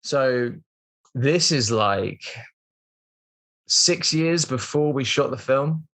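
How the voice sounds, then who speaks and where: A man's voice: medium pitch, animated, very slow, a bit bright. Chatty British man telling a long story. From Britain. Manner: rambling, chatty, lots of "like" and "um" fillers. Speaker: guest. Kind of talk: casual storytelling interview.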